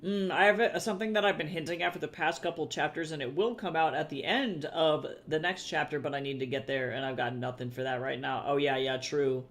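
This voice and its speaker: Man from the US, high voice, casual stream chat, swears a lot, keyboard clicks behind. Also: brisk, few pauses, fairly bright tone. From United States. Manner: chatty, swearing freely, reacting to chat. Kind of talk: casual livestream chat with viewers.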